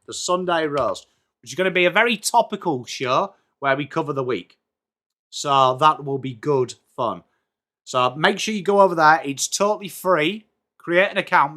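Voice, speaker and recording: A man with an English accent hosts a live football watchalong, chatting away to his viewers. He greets them by name and throws in jokes as he goes, his voice sitting slightly high for a man. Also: fairly bright tone. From England. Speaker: streamer hosting a football watchalong. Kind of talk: casual live-stream chat reading out viewer comments.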